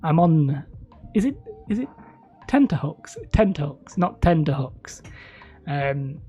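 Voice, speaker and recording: A woman's voice: sits low, lively intonation, slow pace, mellow, breathy edge, lo-fi sound, faint music behind. A woman chatting casually on a live stream from home, rambling and laughing often as she talks.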